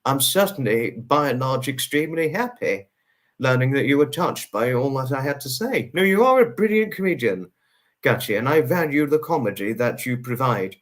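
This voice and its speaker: A man's voice: mid-range voice, animated, moderate pace. A man hosting a live stream, greeting viewers one by one and thanking them at length, repeating himself and drawing out names. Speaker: livestream host.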